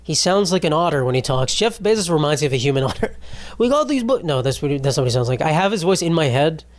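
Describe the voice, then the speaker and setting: A man's voice: on the high side, very animated, fast, dry recording. A man in his twenties hosting a casual solo podcast, rambling and joking with lots of profanity and "bro". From United States. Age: 20s. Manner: rambling, profane, jokey, trailing off with "bro" and "dude". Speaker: podcast host.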